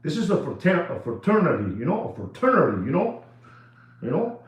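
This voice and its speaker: Animated man speaking in an echoey room. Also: on the high side, fairly quick. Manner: animated, repetitive, shouts and laughs, mixes in Spanish. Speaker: watch dealer hosting a video. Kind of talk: excited off-the-cuff monologue. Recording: echoey room, dull sound.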